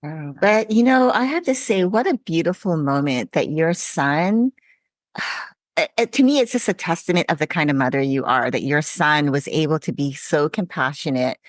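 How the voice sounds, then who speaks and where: A woman's voice: low voice, lively intonation, moderate pace, no room sound. A woman hosting a podcast interview, talking earnestly and reflectively, openly emotional. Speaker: podcast host. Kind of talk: interview conversation.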